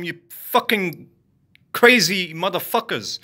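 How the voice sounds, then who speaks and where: Angry ranting man, bright tense voice. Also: on the high side, animated, brisk. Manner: heated, profane, repetitive. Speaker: vlogger. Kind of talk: angry rant to camera.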